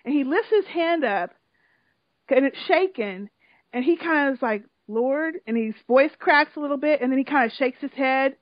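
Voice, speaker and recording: A woman with a high, bright-pitched voice tells a story in casual chat, swearing and getting worked up as she goes. The sound is dry and close, with a dull lo-fi tone. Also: moderate pace, dry recording. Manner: animated, emotional storytelling with swearing. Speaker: podcast co-host recapping a reality show.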